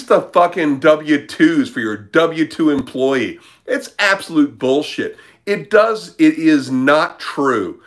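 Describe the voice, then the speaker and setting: A man's voice: animated, takes it slowly, few pauses. Profane, blunt man ranting on a livestream. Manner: profane, blunt and combative, with pitch swinging up when worked up. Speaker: livestream host answering viewer questions. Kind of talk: casual livestream rant.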